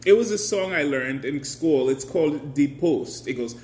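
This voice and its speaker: A man's voice: a little high, animated, normal speed, darkish tone, slight background noise. A man hosting a casual live stream, chatty, greeting viewers by name and laughing often.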